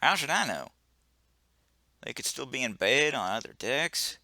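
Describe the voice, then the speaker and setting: A man's voice: mid-range voice, big pitch swings, a little slow, sharp tone, no room sound, clean studio sound, exaggerated voice. A man doing a breezy, dismissive ship engineer. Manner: breezy, brushes off worries. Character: laid-back, dismissive adult male ship engineer.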